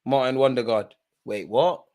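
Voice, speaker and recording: A young man, streaming a live football watchalong, shifting between nervous muttering and loud outbursts at the referee. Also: mid-range voice, moderate pace. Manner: animated, swings from muttering to shouting at the ref. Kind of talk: live match reaction commentary.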